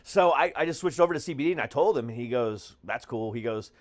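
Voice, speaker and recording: Male podcast host, mid-pitched voice, candid and crude, laughs things off. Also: lively intonation, quick pace. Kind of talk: casual podcast chat.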